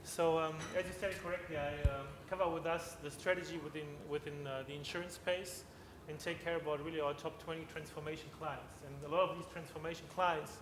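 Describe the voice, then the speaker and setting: Halting man presenting in a hall. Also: fairly high pitch, fairly even intonation. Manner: halting, many restarts and fillers, tag questions. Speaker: conference speaker. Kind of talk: conference presentation. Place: conference hall. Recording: long hall reverb, faint noise.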